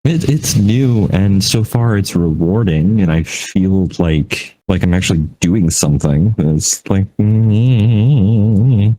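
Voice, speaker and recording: A man's voice: sits low, a little slow, few pauses, mellow, poor audio. A man co-hosting a podcast, chatting casually in a rambling, self-deprecating way with frequent laughs. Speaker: podcast co-host. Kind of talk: casual chat.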